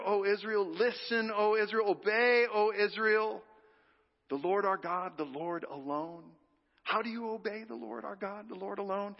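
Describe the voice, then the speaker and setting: A man preaching a sermon, drawing the congregation into call-and-response, with dramatic pauses and hushed drops on key words. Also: high-pitched. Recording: dull reverberant hall sound.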